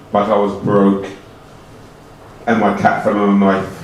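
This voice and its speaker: A man delivering an absurd comic monologue in a slow, rambling, deadpan way with broken grammar, heard from a distance in an echoey room. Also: on the low side, noisy background. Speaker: comedian.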